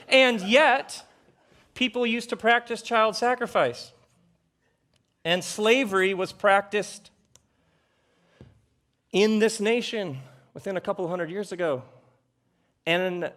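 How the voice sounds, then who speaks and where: A middle-aged man giving a live talk on a theater stage, conversational and jokey, with rhetorical questions and dramatic pauses. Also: fairly high pitch, fairly bright tone. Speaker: speaker addressing a live audience.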